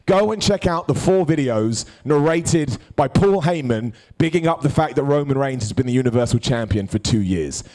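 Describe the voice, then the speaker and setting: A man's voice: mid-range voice, moderate pace, hardly any pauses. A man hosting a live wrestling review show, joking and bantering with people in the crowd. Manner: jokey, animated, bantering with hecklers.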